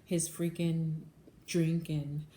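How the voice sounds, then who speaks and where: In a casual vlog, a woman who manages a bagel shop tells her viewers a story, earnest and repetitive, calling them "guys" again and again. Her deep voice stays level and warm, with drawn-out words. The room is echoey, with faint background noise.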